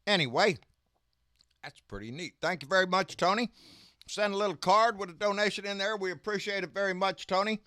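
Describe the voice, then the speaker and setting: A man's voice: high voice, brisk, pushed and bright, no echo, clean studio sound. A man hosting a casual live stream, folksy and profane, calling everyone "baby" as he chats and rants.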